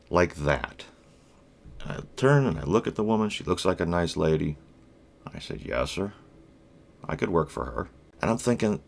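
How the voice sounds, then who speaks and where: A middle-aged man vlogging, telling a rambling personal story in a blunt, profane way with wry asides and lots of halting restarts. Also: low voice, gravelly. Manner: halting, with many fillers and restarts.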